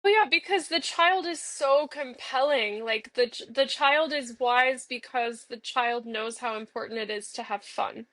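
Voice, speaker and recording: A woman's voice: on the high side, measured pace, few pauses, pushed and bright, no echo. A young woman in playful, bubbly parts-work role-play, speaking as an inner part of herself and filling her talk with "like.". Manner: playful and bubbly, many filler "like"s.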